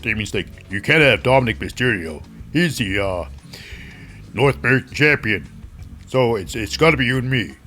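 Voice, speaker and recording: A man putting on the voice of a gruff, bossy male wrestler, speaking bluntly. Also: mid-range voice, lively intonation, moderate pace, sharp tone, soft background music, pitched below the performer's own voice.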